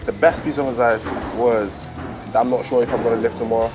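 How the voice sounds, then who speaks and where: A man's voice: mid-range voice, fairly even intonation, a little fast, music in the background. A young man from Belgium, a footballer guest in casual chat, laid-back and repeating phrases.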